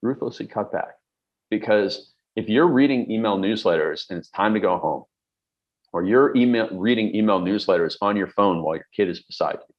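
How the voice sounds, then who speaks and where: Blunt low-voiced coach. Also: male voice, highs cut off. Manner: blunt, emphatic, lecturing with everyday examples. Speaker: productivity coach. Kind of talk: direct-to-camera advice talk.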